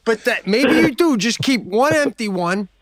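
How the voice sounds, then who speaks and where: A man co-hosting a comedy radio call-in show, excitable and loose, laughing and swearing as he banters. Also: very high-pitched, normal speed, no room sound. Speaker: co-host.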